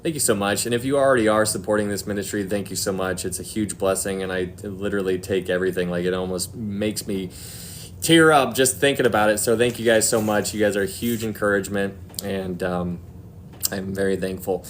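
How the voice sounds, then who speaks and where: A man's voice: lowish voice, fairly even intonation, fairly quick, slight background noise. A man hosting a Christian live stream, chatting casually, laughing often and reading viewer comments aloud, earnest when talking about faith. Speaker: Christian livestream host. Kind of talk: casual livestream chat.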